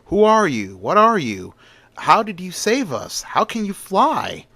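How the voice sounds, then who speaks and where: A man voicing an excitable, pushy female reporter who fires off rapid, insistent questions. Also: medium pitch, dry recording, lightly acted.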